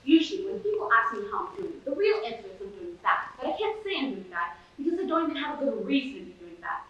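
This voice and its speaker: Brief: sardonic washed-up male horse star, played by a teenage girl, higher pitch, heard from afar in a booming hall. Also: very animated, fast talker, fairly bright tone, lo-fi sound. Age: late teens. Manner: sardonic, rambling, self-pitying. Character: bitter middle-aged male horse, washed-up sitcom star. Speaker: student competitor. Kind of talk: competitive dramatic monologue. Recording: echoey hall from far off.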